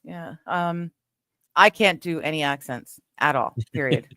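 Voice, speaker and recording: A woman's voice: low-pitched, unhurried, a bit bright, no room sound. A woman hosting a casual live stream chat, reading chat messages aloud and laughing easily. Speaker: stream host.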